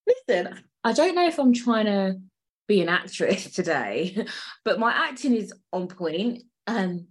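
A woman's voice: mid-range voice, big pitch swings, measured pace, slightly rough, rough recording. A woman hosting a casual solo podcast, digressing, swearing freely and laughing as she talks. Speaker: podcast host.

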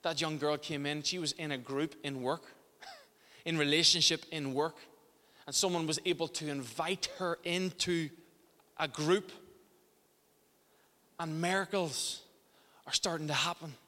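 A man's voice: on the high side, steady tone, measured pace, pauses often, pushed and bright, big-room sound. A man preaching a sermon as pastor in a church, impassioned, often restarting and repeating words.

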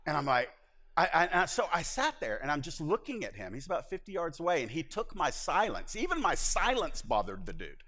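A middle-aged man preaching a sermon as pastor, telling stories in an animated way with laughs and acted-out asides. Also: on the high side, fairly quick. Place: church sanctuary. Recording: hall reverb from a church.

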